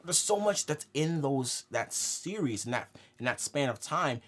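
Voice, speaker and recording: Animated young man talking films. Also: mid-range voice, measured pace. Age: young adult. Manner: animated, laughs while making points. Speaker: podcast co-host. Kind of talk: casual film discussion.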